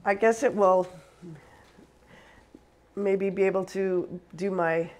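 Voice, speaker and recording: A woman's voice: mid-range voice, steady tone, takes it slowly, darkish tone, poor audio. A woman from Canada hosting a live cooking stream in a casual, chatty way, laughing often and answering viewers as she cooks. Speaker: cooking show host.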